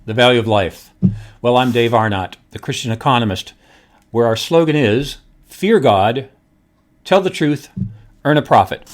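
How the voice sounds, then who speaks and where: A man's voice: medium pitch, normal speed. A middle-aged man hosting a solo podcast, speaking emphatically and asking rhetorical questions. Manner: emphatic, repeats points, asks rhetorical questions. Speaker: podcast host, economist.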